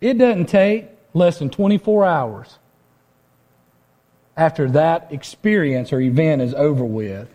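A man's voice: on the high side, animated, a little slow, dark tone. A man preaching a sermon to his congregation, conversational and full of rhetorical questions. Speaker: pastor.

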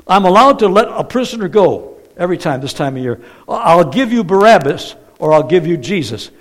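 A man playing a wheeling-dealing Roman governor, middle-aged, who rattles off his offer at a quick clip in a raised, lively voice. He sounds like a man cutting a deal rather than handing down a ruling. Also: high-pitched, voice pushed up, poor audio. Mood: bargaining.

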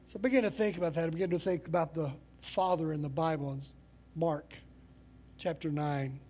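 A man's voice: fairly high pitch, fairly even intonation, brisk, warm tone, slight background noise. A male pastor preaching a sermon in a conversational, storytelling way.

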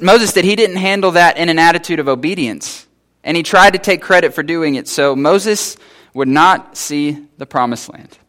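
A man's voice: high voice, fairly bright tone. A man preaching a sermon in a conversational way, retelling scripture and acting out the people in it in casual voices. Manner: conversational, acts out biblical figures in casual voices. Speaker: pastor.

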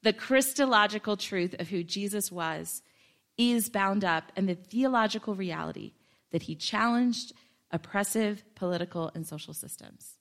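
A woman's voice: medium pitch, moderate pace. A woman preaching a sermon in a conversational way, with joking self-deprecating asides to the congregation. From Ohio, United States.

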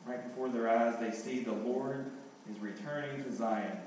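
A man in his middle register delivers a sermon, repeating his main points with earnest emphasis and pausing on fillers as he works through the passage. His voice echoes heavily around a large church hall and sounds a little distant from the microphone. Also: mid-range voice, steady tone, a little mellow, a little hiss or hum. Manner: earnest, repeats key phrases, thinks aloud with fillers. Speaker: pastor.

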